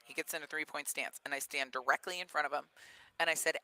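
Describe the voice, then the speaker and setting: A woman's voice: low-pitched, fast, dry recording, poor audio. A woman guest, a football coach, telling stories in a radio interview and acting out the people in them. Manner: animated, acts out the people in her stories.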